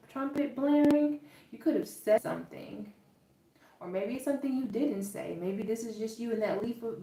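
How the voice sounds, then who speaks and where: A woman's voice: medium pitch, darkish tone. Chatty Southern woman reading tarot. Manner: chatty, emphatic, checks in with "okay?" often. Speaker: tarot reader. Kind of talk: casual tarot reading to viewers. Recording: roomy echo, distant from the mic.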